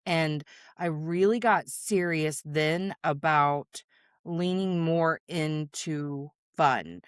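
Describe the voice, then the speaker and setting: A woman's voice: sits low, extremely slow, clean tone, dry recording, clean studio sound. Candid woman podcast host. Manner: candid, animated storytelling. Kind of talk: casual podcast conversation.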